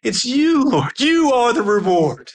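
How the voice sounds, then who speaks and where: High-voiced fervent male preacher. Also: takes it slowly. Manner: fervent, excited preaching that sounds almost angry. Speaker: pastor. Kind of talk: sermon.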